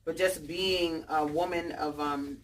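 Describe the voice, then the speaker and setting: A woman in her forties from New York with a New York accent, chatting in a lively, slangy way to an audience at a bookstore event. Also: sits low, slow pace. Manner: animated, chatty, slangy storytelling. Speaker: author speaking at a bookstore event. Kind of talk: casual talk to a live audience. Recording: distant mic with faint background noise.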